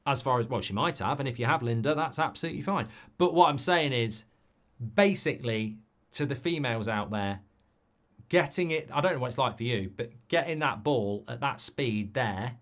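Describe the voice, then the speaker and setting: A man hosting a live football watchalong, chatting with viewers in a sweary, cynical, rambling and animated way, from England. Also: medium pitch, moderate pace. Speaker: watchalong host.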